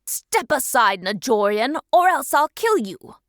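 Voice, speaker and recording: Lady doing a brutal bossy alpha guy, loud threats, pushy. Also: a little high, big pitch swings, a little slow, no echo, studio quality. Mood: threatening. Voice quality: forceful, threatening. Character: cruel domineering male alpha of a shifter pack.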